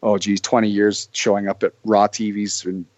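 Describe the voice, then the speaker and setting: A man's voice: lowish voice, little pitch movement, normal speed, darkish tone, no room sound. A young man from Canada, a podcast guest telling stories casually, rambling with restarts. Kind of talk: casual storytelling. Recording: dry muffled lo-fi audio.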